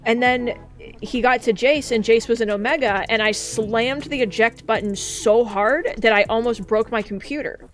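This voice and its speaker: A woman streamer chatting casually and excitably, often swearing and breaking into laughter. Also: a little high, moderate pace. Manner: excitable, swears a lot, frequent laughing outbursts. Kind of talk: casual live-stream chat. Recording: faint background music.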